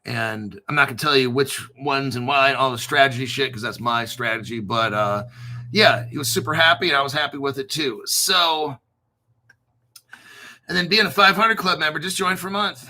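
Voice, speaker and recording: A man's voice: mid-range voice, normal speed, bright, forceful tone. A man hosting a crypto channel, rambling casually with profanity, jokes and self-mockery. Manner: profane, joking, self-mocking and digressive.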